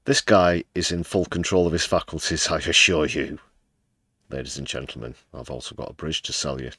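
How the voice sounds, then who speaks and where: A man's voice: very deep voice, fairly quick, bright, forceful tone, slightly rough, dry recording. A British man hosting a livestream, giving sarcastic, sweary commentary on the news and laughing at clips. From United Kingdom. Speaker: livestream host.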